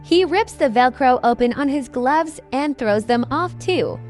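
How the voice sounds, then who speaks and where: Woman narrator, horror story, slow measured read, high lively voice. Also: soft background music.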